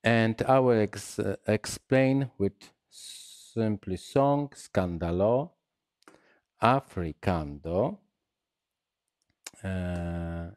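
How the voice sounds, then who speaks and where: A man teaching salsa rhythm, counting beats and scatting the patterns aloud in halting English. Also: fairly low pitch, a little mellow, clean tone, dry recording, clean studio sound. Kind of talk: dance lesson explaining rhythm.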